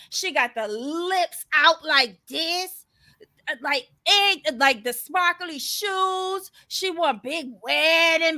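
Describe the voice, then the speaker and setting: A woman, ranting loudly and profanely while recapping a reality show. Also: high voice. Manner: loud, profane, animated ranting with mock voices. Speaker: recap commentator.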